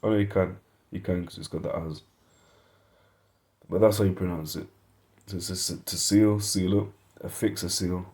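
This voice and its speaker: A man's voice: low-pitched, fairly even intonation, normal speed, long pauses, a little mellow. A man giving an informal Bible study lesson, reading verses and word definitions aloud, thinking aloud and correcting himself as he goes. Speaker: Bible teacher.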